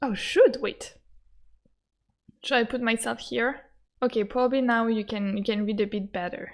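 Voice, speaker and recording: A woman with a voice, commenting casually on a game she is streaming, excitable, stammering and laughing often. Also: a little high, a little slow, long pauses. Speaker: gaming streamer. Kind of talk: casual let's-play commentary.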